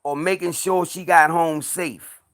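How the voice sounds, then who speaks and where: A man's voice: fairly high pitch, steady tone, measured pace, fairly bright tone. A man talking casually about creature sightings, earnest and insistent, often repeating himself. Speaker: podcast host. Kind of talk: casual chat.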